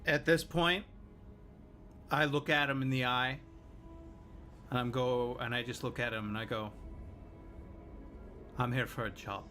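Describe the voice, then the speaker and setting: A man playing a tabletop game who speaks quietly and in character. His voice sits at a medium pitch. He keeps his lines short and low-key. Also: steady tone, moderate pace, pauses often, soft background music. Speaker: player.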